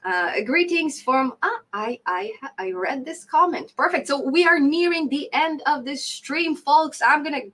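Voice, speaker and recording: A woman's voice: high-pitched, animated, unhurried, few pauses, pushed and bright, poor audio. A woman in her thirties hosting a casual coding live stream, reading chat comments aloud, laughing often and repeating phrases for emphasis.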